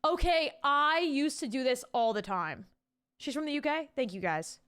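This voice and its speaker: A woman's voice: high-pitched, expressive, moderate pace, a bit bright. A woman streamer chatting casually at home, rambling, swearing freely and thanking viewers. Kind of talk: casual live-stream chat reading out viewer messages.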